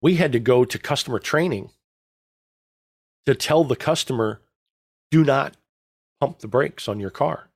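A middle-aged man telling stories in casual chat as a podcast co-host, rambling and joking with a deadpan delivery. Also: medium pitch, unhurried, creaky, long pauses, no room sound, clean studio sound.

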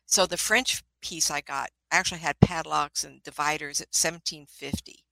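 Older woman, low-pitched, bright and forceful tone, rambling anecdotes, casual chat. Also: steady tone, moderate pace, gravelly, dry recording, poor audio. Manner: rambling and anecdotal, with frequent laughs and restarts. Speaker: guest, spiritualist minister and ghost investigator.

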